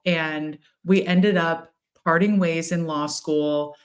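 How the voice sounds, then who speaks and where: A woman with a slightly low voice chats casually as a co-host, telling stories with animated energy. She acts out the quotes in her anecdotes. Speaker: co-host, tarot reader. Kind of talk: casual spiritual conversation.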